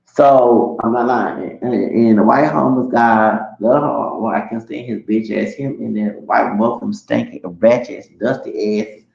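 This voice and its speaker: A man's voice: mid-range voice, fairly even intonation, normal speed, vocal fry, a little mellow. A man telling a long, rambling story on a livestream, cursing freely and talking to his viewers as y'all. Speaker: streamer. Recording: echoey room, dull lo-fi sound.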